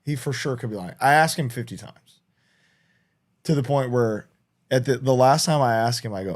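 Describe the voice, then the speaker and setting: A man co-hosting a podcast in casual chat, telling stories with lots of swearing and quick restarts. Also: mid-range voice. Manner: animated storytelling, heavy swearing, frequent restarts. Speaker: podcast co-host.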